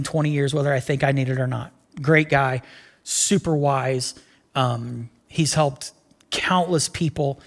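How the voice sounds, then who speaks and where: A man preaching a sermon as pastor, telling the story with energy and acting out the voices of the people in it. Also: a little high. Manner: animated storytelling, acts out voices. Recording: reverberant church hall.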